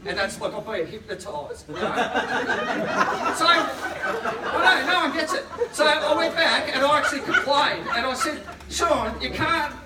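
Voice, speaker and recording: A man's voice: very high voice, expressive, moderate pace, over a noisy crowd, very noisy. A man doing a rambling stand-up comedy set and laughing through his own punchlines, recorded live in a comedy venue. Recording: roomy live room, distant mic.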